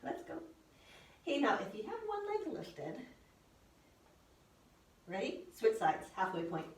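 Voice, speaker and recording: A woman's voice: on the high side, wildly swooping pitch, a little slow, slight background noise. A woman instructor leading a pilates workout, calling out cues, counting down and encouraging the listener. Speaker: fitness instructor. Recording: echoey room, voice from a distance.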